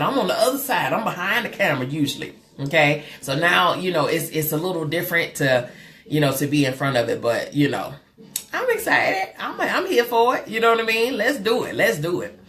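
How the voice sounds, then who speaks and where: A woman hosting a casual live stream, talking to viewers in a lively, chatty way and calling them girl and honey, with big swings in pitch. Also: fairly quick. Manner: loud, expressive swings in pitch. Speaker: live show host and therapist.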